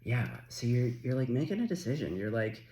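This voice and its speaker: A man from Canada doing a casual, chatty tarot reading, excitable and quick to swear. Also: medium pitch. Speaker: tarot reader.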